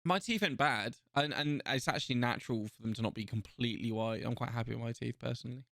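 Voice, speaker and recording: A blunt man in casual chat, teasing and swearing a lot at a middle pitch. The recording is dry and close, with no echo around him. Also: quick pace, vocal fry, fairly bright tone. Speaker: co-host.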